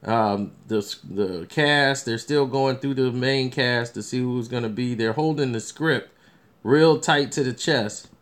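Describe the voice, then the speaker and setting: A man with a mid-range voice and a measured pace chats casually about upcoming films as a review vlogger. His movie commentary rambles, full of restarts and fillers.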